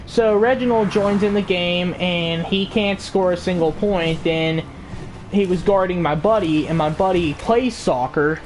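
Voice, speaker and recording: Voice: medium pitch, unhurried, slight background noise. A storyteller telling a story in a casual, rambling way, swearing and full of fillers.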